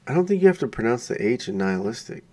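A man in relaxed, easygoing casual chat with a friend, dry in his remarks. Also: mid-range voice, very fast, no room sound.

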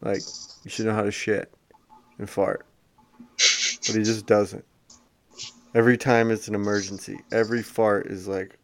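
Easygoing man with a lowish voice, swears, says "dude" a lot. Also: level tone, unhurried, long pauses, a bit bright, no room sound. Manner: laid-back, profane, says "dude" often. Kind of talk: casual chat.

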